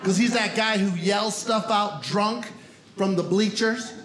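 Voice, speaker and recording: A stand-up comedian from Brooklyn, telling streetwise stories with a punchy delivery. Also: male voice, high voice, a little slow, a crowd in the background. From Brooklyn, New York. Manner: streetwise, punchy, shouting into put-on voices. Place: comedy club stage. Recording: roomy live club recording with noise.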